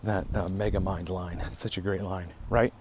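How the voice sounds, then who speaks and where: A man's voice: deep voice, normal speed. Exasperated man ranting, noisy recording. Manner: animated, exasperated storytelling. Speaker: podcaster. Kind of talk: casual monologue.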